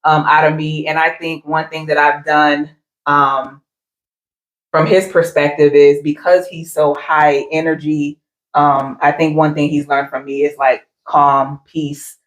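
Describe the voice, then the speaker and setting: A calm, laid-back woman talking casually and reservedly about her marriage. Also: low-pitched, unhurried. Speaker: wife, married guest. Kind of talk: casual conversation. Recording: echoey room.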